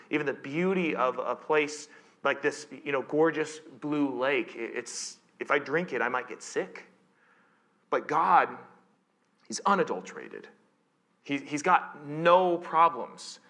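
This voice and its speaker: A man's voice: mid-range voice, bright, forceful tone. A male pastor preaching a conversational sermon in church, with playful asides and frequent self-corrections.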